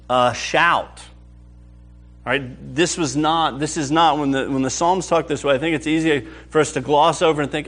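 A man teaching a sermon to a live audience, acting out quoted prayers with animated swings in his voice. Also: on the high side, moderate pace, soft background music. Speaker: preacher.

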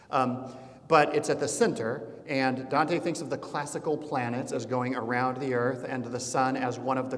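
A man teaching a class in a conversational, digressive way, often pausing on fillers. His voice sits at an ordinary middle pitch. A long reverb trails through the lecture hall.

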